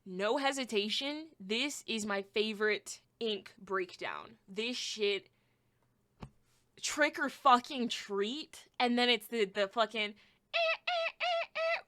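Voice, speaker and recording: Bright-voiced excitable young woman. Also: medium pitch. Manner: excitable, swears freely, gushing and blunt. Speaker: podcast host. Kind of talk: casual album review.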